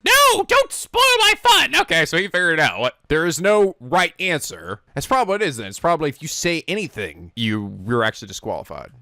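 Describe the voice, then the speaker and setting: Animated, high-voiced reaction host. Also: male voice, fast, few pauses, no echo. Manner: animated, laughs often, swears, exclaims. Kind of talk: casual reaction commentary.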